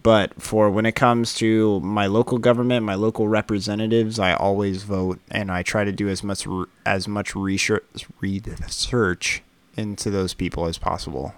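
A man's voice: fairly low pitch, level tone, moderate pace, smooth, no room sound. A man co-hosting a casual podcast, ranting in a heated way and swearing freely. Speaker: podcast co-host.

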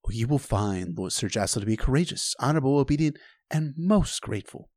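A man voicing a scheming middle-aged court spymaster who talks slowly and unctuously in a book reading. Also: mid-range voice, expressive, a little mellow, no room sound, studio quality, close to an everyday voice. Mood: smooth.

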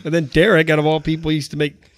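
A man on a casual podcast, talking with laughter in an animated, joking manner. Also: on the high side, rapid-fire. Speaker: podcast co-host. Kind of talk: casual chat.

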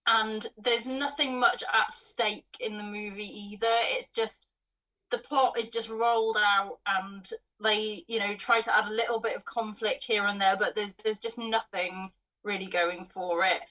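A woman's voice: mid-range voice, fairly even intonation, unhurried, pushed and bright, distant mic, rough recording. A woman co-hosting a film podcast, bluntly dismissing a movie she disliked. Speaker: podcast co-host. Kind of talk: casual film review chat.

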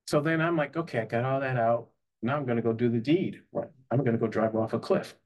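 A man's voice: mid-range voice, fast, darkish tone. Earnest man telling his story. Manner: earnest, tag questions, frequent "you know". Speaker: guest, psychotherapist and life coach. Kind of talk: emotional personal storytelling.

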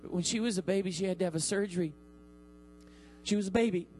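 High-voiced preaching man with a hum. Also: a little mellow, rough recording. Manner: preaching with dramatic pauses and acted-out quotes. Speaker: pastor. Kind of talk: sermon. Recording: mains hum.

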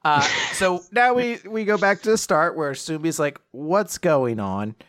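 Podcast co-host, male, playful recap delivery, high-ish and expressive. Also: moderate pace, smooth. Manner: animated, laughing, acts out character lines. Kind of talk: casual anime recap chat.

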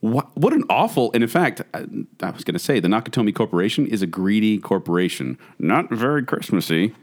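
A man's voice: on the low side, brisk. A man co-hosting a podcast, teasing and arguing in a casual debate. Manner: animated, teasing, argumentative. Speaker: podcast co-host.

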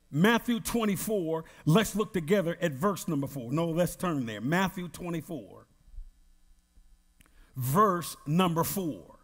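A high-pitched male pastor preaches slowly, stretching phrases and swinging his pitch widely. He calls out for the congregation's response. His voice carries a long reverb from a large hall. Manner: emphatic, drawn-out preaching with call-and-response. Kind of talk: Bible study sermon.

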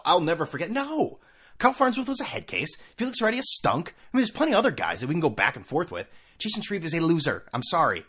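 A man's voice: fairly high pitch, huge pitch swings, fast talker, a bit bright, husky. A man hosting a sports talk show, ranting sarcastically in a casual monologue full of asides. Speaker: sports podcast host.

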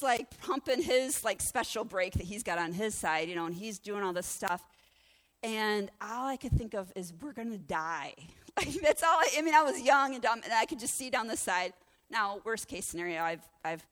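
A woman pastor preaching through a lively personal story, acting out the voices of the people in it. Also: mid-range voice. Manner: animated, acts out the voices in her story. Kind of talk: sermon storytelling.

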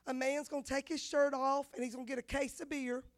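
Woman pastor in her fifties, high bright voice, lively sermon storyteller. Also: a little fast. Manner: animated storyteller, acts out dialogue. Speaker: women's pastor.

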